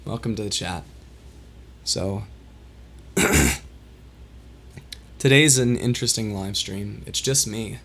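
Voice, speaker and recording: A man hosting a solo livestream and talking candidly to his chat, his voice worn as it recovers from being lost, and emotional. He speaks in a halting, reflective way with many restarts. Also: lowish voice, a bit bright. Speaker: livestream host.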